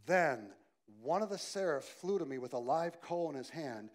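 A male pastor preaching a sermon, swinging from loud emphasis to quiet softness and asking the congregation direct questions. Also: fairly high pitch, lively intonation, moderate pace.

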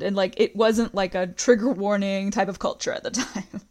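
A podcast host with a steady, mid-range, slightly mellow voice talks at normal speed. She casually recaps a reality show in a chatty way, quoting lines from scenes and saying "like" a lot.

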